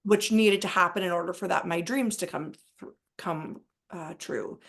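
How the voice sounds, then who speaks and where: A woman's voice: fairly low pitch, normal speed, creaky. Woman podcast co-host, chatty and rambling, casual spiritual talk. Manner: rambling and excitable, heavy use of "like".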